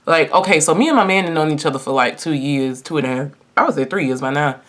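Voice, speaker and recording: A vlogger in her twenties, speaking fast in a low voice, tells a personal story during a casual get-ready-with-me video. She's chatty and emphatic, addressing her viewers directly.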